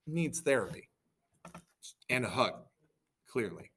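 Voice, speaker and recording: A man's voice: medium pitch, measured pace, a bit bright. A man reading a story aloud in a casual way, with stumbles, self-corrections and joking asides. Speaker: reader.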